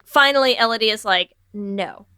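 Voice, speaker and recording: A woman co-hosting a podcast, recapping a movie in casual, animated chat, swearing freely and acting out characters' lines. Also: on the high side, moderate pace, clear, resonant tone, no echo, clean studio sound. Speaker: podcast co-host.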